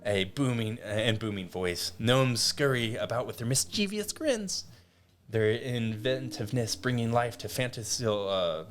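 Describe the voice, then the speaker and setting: A man's voice: mid-range voice, animated, normal speed, soft background music, natural voice. A man voicing a pompous male Dragonborn town official who gives a grand welcome speech as if reading from a script. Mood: grandiose.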